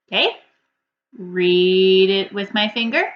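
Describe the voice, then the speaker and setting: Woman teacher going over spelling words slow and patient, keeps saying okay, kinda muffled recording w a faint hum. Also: medium pitch. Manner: patient, sounds words out slowly, checks in with "okay?". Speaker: first grade teacher. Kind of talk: recorded online reading lesson. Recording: dull lo-fi audio with faint hum.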